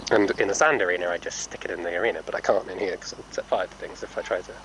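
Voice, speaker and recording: A man training a horse, talking softly and coaxingly to the animal while explaining to viewers in a casual vlog. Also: deep voice, racing, a little hiss or hum, low-quality recording. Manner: soft, coaxing talk to a horse, often hushed. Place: indoor horse stable area.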